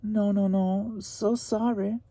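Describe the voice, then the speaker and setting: A man's voice: sits high, level tone, slow pace, creaky, dark tone, no echo, voice pushed up, exaggerated voice. A man putting on a pompous, condescending know-it-all voice with a made-up posh accent. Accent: put-on posh accent.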